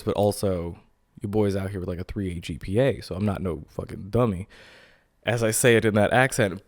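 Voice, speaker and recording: A young man hosting a podcast, telling a rambling, profane, jokey story about himself in casual talk. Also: fairly low pitch. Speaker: podcast host.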